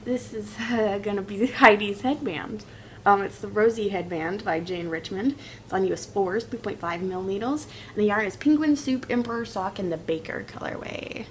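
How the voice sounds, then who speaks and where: A woman's voice: medium pitch, normal speed, slight background noise, rough recording. A young woman co-hosting a knitting podcast, listing her projects in a casual, matter-of-fact way. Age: young adult. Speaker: podcast co-host, daughter. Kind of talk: casual chat about knitting.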